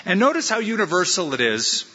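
A male pastor preaches with a bright, forceful, slightly husky voice, hammering points home through repetition and rhetorical questions. His sermon rings with the long reverb of a large church hall, and the recording sounds a bit dull. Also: sits high, very animated, a little fast. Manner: emphatic, punchy repetition and rhetorical questions to the congregation. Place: church sanctuary.

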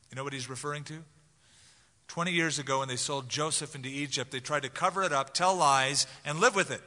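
Bright-voiced preacher in a reverberant hall. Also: male voice, a little high, fairly quick. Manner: animated storytelling with asides. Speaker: pastor. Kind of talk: expository sermon. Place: church sanctuary.

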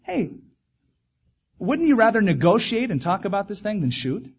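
A man's voice: high voice, very animated, normal speed, breathy edge, dull audio, voice pushed up, exaggerated voice. A man doing a sly, coaxing talking bear. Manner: coaxing, comforting tone. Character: sly talking male bear, soothing and cunning.

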